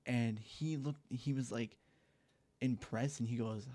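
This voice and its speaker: A man's voice: medium pitch, fairly even intonation, slow, warm tone, dry recording. A young man casually telling a story time, rambling and profane, with lots of filler words, on a headset mic at home. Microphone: gaming headset mic.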